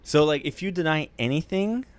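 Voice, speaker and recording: A male podcast co-host in relaxed comedic chat. He wanders through loose, unfinished ideas with plenty of restarts. His voice sounds dry and close, with no room around it. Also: brisk, smooth, dry recording. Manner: rambling, pitching half-formed ideas. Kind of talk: casual comedic banter.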